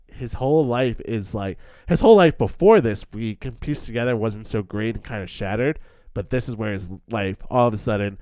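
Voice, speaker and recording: A man's voice: fairly low pitch, animated, normal speed, mellow, smooth, no echo. A young man co-hosting a film podcast in a casual, chatty way, full of "like" fillers and acted-out lines. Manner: chatty, lots of "like" fillers, acts out character lines. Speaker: podcast co-host.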